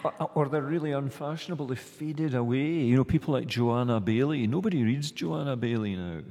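A man speaking as a guest scholar in a discussion, thoughtful and halting, with frequent restarts. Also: medium pitch, dark tone, big-room sound.

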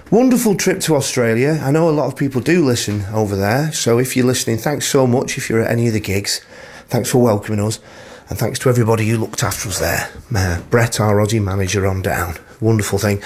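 A man's voice: on the low side, darkish tone, breathy edge. A man with a Manchester accent, chatting casually and self-deprecatingly as a radio presenter from his small home, with plenty of filler words. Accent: Mancunian English. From Manchester, England.

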